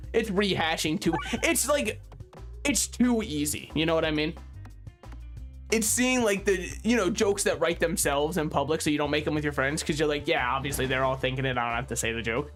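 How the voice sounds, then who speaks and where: Joking young male streamer over game music. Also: fairly high pitch. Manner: joking, rambling, animated, swears freely. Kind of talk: casual gaming stream chatter.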